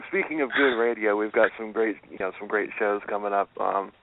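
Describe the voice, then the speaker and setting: A man co-hosting a radio talk show, making relaxed, hesitant announcements full of fillers. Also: lowish voice, brisk, noisy background. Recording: tinny lo-fi radio stream.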